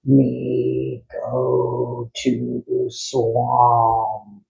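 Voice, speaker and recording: A man voicing a simple, dim-witted male frog creature in a storybook, speaking in slow, low, broken phrases. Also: completely flat delivery, gravelly, mellow, dull audio, exaggerated voice. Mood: dull. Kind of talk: storybook character voice.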